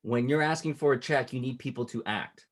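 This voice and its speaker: A man coaching a client on closing sales, explaining patiently and acting out sample pitches at different speeds. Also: fairly quick. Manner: instructive, shifts cadence to demonstrate pitches. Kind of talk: casual coaching call.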